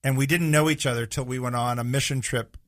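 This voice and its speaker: A man with an average-pitched voice hosts a casual faith conversation, affirming his guest as he goes. He talks with frequent fillers. The recording is dry. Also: steady tone, quick pace, fairly bright tone, no room sound.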